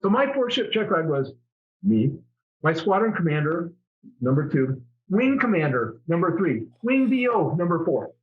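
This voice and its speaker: A man's voice: fairly high pitch, big pitch swings, normal speed, narrow, tinny audio. A middle-aged man, a former fighter pilot, telling stories in a casual interview, rambling with many restarts.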